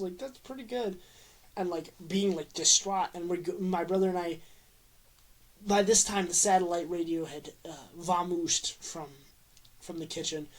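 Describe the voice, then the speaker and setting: A young adult sports fan ranting to camera, rambling and excitable, with a steady stream of "like" fillers. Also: medium pitch. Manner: rambling and excitable, heavy use of "like". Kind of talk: casual rant to camera.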